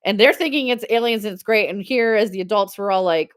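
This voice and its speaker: A woman's voice: mid-range voice, brisk. Chatty woman hosting a live sale. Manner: chatty storytelling, laughs often, reads viewer comments. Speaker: live-stream seller. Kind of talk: casual live-stream chat.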